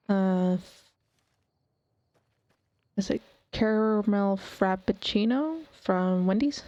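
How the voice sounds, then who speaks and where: A woman's voice: medium pitch, normal speed, pauses often, a little mellow, dry recording. A woman streamer chatting casually to herself while playing a game. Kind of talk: casual gameplay commentary. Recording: dull dry stream mic.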